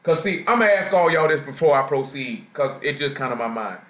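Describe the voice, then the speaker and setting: A man's voice: medium pitch, animated, fairly quick, a bit bright. A man preaching a slangy street-talk sermon in a Southern US accent, often asking the congregation questions. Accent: Southern US, Jacksonville Florida. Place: church assembly room. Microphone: live stream recording. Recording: echoey room, live stream.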